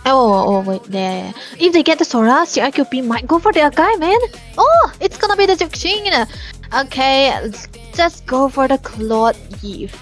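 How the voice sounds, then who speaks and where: A woman casting live esports, chatty and excitable, breaking into giggles as she breaks down the game. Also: sits high, moderate pace, soft background music. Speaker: esports caster and analyst.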